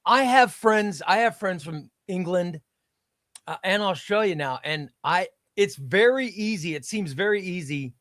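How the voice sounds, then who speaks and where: A man's voice: a little high, a bit bright, no room sound, clean studio sound. A man in a casual comics chat, eager and emphatic, asking lots of questions. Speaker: comics discussion panelist.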